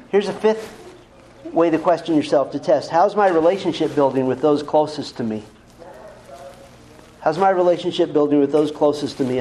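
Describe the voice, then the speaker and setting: A man's voice: a little high, a little mellow, slight background noise, poor audio. A male pastor preaching a sermon in a direct, conversational way, full of rhetorical questions to the congregation.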